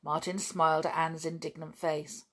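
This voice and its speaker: A woman's voice: deep voice, little pitch movement, moderate pace, fairly bright tone. A woman reading a children's book aloud for a podcast, chatty in her sign-off. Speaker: podcast reader.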